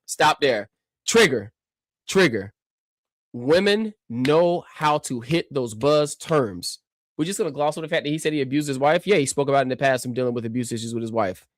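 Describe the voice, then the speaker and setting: A man's voice: medium pitch, moderate pace, fairly bright tone, dry recording. Male streamer, combative reaction rant, mocking, dry and close. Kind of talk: ranting reaction commentary.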